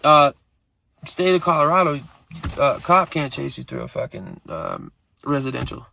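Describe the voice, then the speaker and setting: A man's voice: medium pitch, big pitch swings, moderate pace, vocal fry, bright, forceful tone, slight background noise. A man casually telling a rambling street story, streetwise and full of profanity.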